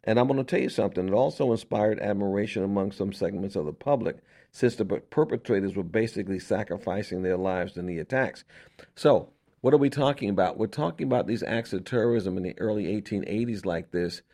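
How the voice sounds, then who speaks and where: This radio host has a lowish, dark voice and a brisk delivery as he explains history on air. His style is emphatic and chatty, with rhetorical questions and plenty of repetition and restarted phrases.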